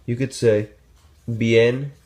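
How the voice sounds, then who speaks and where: A man's voice: mid-range voice, fairly even intonation, drawn-out words, a little mellow. A man teaching a language lesson at a whiteboard in a casual, patient way, repeating phrases and checking in with "okay?" and "right?". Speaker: Spanish teacher.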